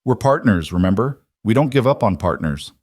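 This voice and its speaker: A man voicing a shy, raspy young husband. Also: fairly low pitch, sing-song, darkish tone, dry recording, clean studio sound. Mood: resolute. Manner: halting, repeats words. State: hoarse. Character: shy, hoarse young husband, now resolute.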